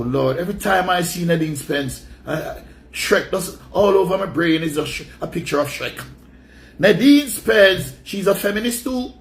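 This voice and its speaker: A Jamaican man giving a mocking countdown commentary, rambling and calling out each entry in loud, drawn-out announcements. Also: high-pitched.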